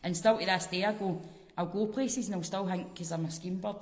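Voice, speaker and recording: A Scottish woman with a fairly low voice talks in casual podcast chat. She tells sweary, animated stories full of asides. The room has a long, echoing reverb. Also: a little fast. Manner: sweary, animated storytelling with frequent laughs. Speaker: comedian guest.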